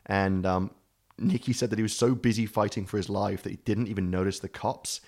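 A man with a low voice telling a story in casual chat, rambling, swearing freely and laughing often. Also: fairly even intonation, fairly quick, a little mellow. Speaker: podcast co-host telling a story.

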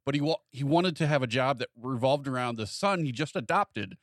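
Here a podcast co-host with a mid-range voice tells a story at a fairly quick clip. The chat is casual, he animatedly acts out the people he quotes, and the recording is dry, studio-grade sound.

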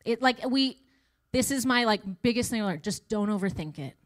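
A woman's voice: fairly high pitch, animated. Chatty woman sharing church testimony. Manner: chatty, self-deprecating, quick asides. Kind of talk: casual testimony talk in church.

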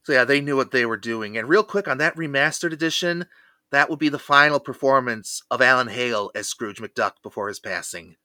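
Guy cohost, bright forward voice, dry close mic, calm and informative, keeps things moving. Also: medium pitch, fairly quick, dry recording. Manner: steady, informative, guides the segments. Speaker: podcast co-host. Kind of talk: casual chat.

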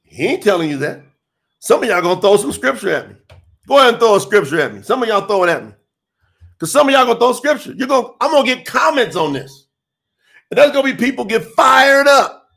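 A man's voice: high-pitched, gravelly, fairly bright tone. A man preaching in an informal, emphatic style, firing rhetorical questions at his listeners. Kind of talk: informal sermon.

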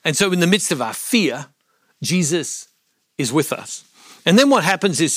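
A man's voice: fairly high pitch, lively intonation, moderate pace, fairly bright tone, no echo, studio quality. Earnest man preaching a Bible reflection. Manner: earnest, asks the listeners questions. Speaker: Catholic speaker.

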